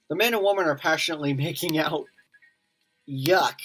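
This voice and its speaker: A woman's voice: sits low, lively intonation, soft background music. A woman playing through a visual novel, reading the characters' lines aloud in different voices and breaking off to comment. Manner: reads lines in many voices, quick reactions and laughs. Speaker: gaming YouTuber. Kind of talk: let's play, reading game dialogue aloud with commentary.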